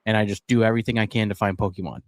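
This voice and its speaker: A man co-hosting a podcast, joking in quick, reactive casual banter. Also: on the low side, steady tone, dry recording. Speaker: podcast co-host. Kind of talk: casual chat.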